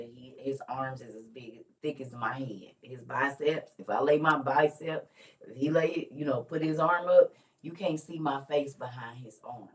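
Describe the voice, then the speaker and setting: Tired grandma chatting to her vlog viewers, low voice, kinda far from the mic, says y'all and honey a lot. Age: older. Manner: chatty storytelling, Southern Black vernacular, calls viewers y'all and honey. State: tired and weak. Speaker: vlogger. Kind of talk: casual morning vlog chat.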